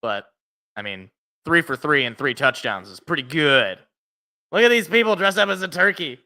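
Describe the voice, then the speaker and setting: High, bright-voiced young man calling plays. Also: animated, moderate pace. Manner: chatty, rambling, restarts mid-sentence. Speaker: live reaction host. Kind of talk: casual play-by-play commentary.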